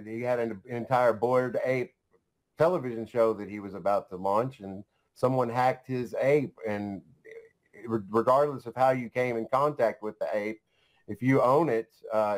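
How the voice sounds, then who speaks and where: A man with a medium-pitched voice speaking in a casual podcast chat. He explains things in steady, measured sentences.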